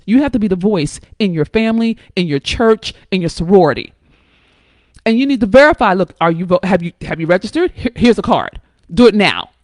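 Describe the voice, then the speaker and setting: A woman talks straight to her viewers on a live stream, blunt and emphatic, and she swears freely. Her voice sits at a middling pitch and leaps upward when she presses a point. The sound is dry and close, with no room around it. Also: no echo. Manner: emphatic, blunt and profane, with sudden jumps up in pitch and loudness; coaxing, checks in with listeners often. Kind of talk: impassioned live-stream talk.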